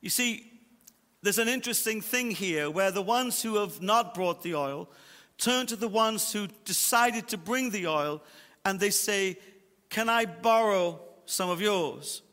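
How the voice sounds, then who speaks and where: A man preaching a sermon as pastor, emphatic, slowing down to stress his points. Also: high-pitched, animated, pushed and bright, long reverb tail. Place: church auditorium.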